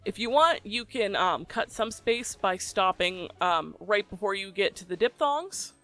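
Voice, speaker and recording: A voicebank creator talking through a recording tutorial in a relaxed, chatty way, often pausing with ums. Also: mid-range voice, faint music behind. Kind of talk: casual tutorial explanation.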